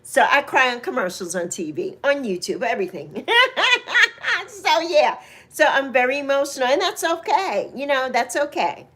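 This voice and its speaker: A woman in her sixties with a high voice talks casually to her livestream viewers. She is openly emotional and greets people by name. She laughs easily and jumps up into excited peaks. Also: normal speed. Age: 60s. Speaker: livestream host.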